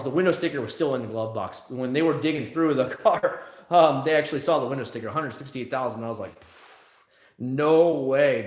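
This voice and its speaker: A man's voice: mid-range voice, roomy sound. A man in his thirties hosting a livestream, chatting casually and answering comments as they come in. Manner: rambling, answers chat comments. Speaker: livestream host.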